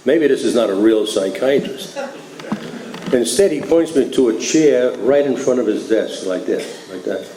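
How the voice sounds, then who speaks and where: An older man from New York tells a wry, chatty story to a meeting, his voice dark and mellow. The hall is echoey, with faint noise behind him. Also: mid-range voice, animated, unhurried. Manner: humorous, conversational, many "you know" and "right?". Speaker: AA speaker.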